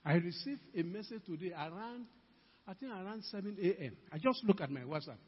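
A man's voice: high voice, expressive, brisk, breathy edge. An older man preaching a fervent sermon as pastor, acting out quoted conversations as he exhorts the congregation. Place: church hall. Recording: dull lo-fi church recording with long reverb.

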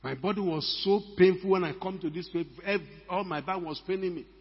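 Older husky-voiced pastor preaching in a hall. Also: male voice, high-pitched, fairly quick. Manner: emphatic, rhetorical questions to the congregation. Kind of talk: sermon. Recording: echoey hall, dull lo-fi sound.

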